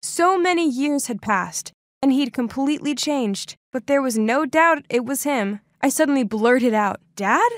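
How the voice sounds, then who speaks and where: A woman's voice: high-pitched, animated, unhurried, no room sound, clean studio sound. A young adult woman narrating a first-person story in a scripted, emotive, dramatic way.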